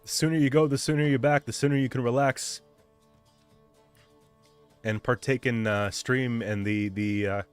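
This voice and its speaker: A man's voice: mid-range voice, steady tone, normal speed, long pauses, smooth, soft background music. A man live-streaming a card game at home on a desk mic, hyped and rambling as he chats with viewers. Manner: hyped, rambling, chatting with viewers while playing. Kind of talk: casual live-stream chat.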